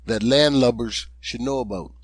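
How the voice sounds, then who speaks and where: A man voicing a stocky, friendly boatswain with a Cockney accent in an audiobook, speaking in a brisk, friendly way. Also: mid-range voice, breathy edge, no echo, close to an everyday voice.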